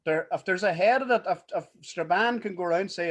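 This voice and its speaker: A man's voice: sits high, fairly quick, lo-fi sound. Sweary Northern Irish man, rambling banter. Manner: sweary, rambling, restarts, laughs often. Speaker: podcast co-host. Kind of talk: casual chat.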